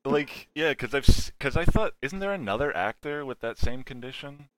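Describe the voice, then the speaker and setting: A man's voice: medium pitch, animated, a little fast, no room sound. A man co-hosting a film podcast, rambling and laughing in casual chat. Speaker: podcast co-host.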